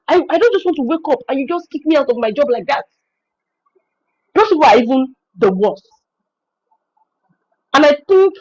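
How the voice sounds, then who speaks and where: A Nigerian woman hosting a webinar, giving an expressive, storytelling talk on working with clients. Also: a little high, highs cut off. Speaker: virtual assistant trainer hosting a webinar. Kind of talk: informal teaching talk.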